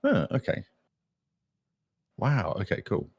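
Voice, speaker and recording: A man's voice: fairly low pitch, wildly swooping pitch, slow, gravelly, a little mellow, breathy edge, no room sound, lo-fi sound. A man playing a tabletop role-playing game, asking questions in a casual, playful way. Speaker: player. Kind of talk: tabletop role-play as a player.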